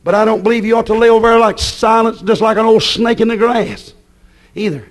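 High-voiced scolding preacher. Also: male voice, a little fast. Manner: folksy, scolding, swings from loud to low. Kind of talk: sermon.

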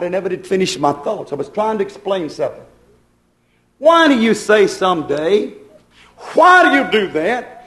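A man with a high voice delivers a sermon, rising into fervent pleas and circling back to the same questions again and again. The sound rings with the echo of a big room. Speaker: preacher.

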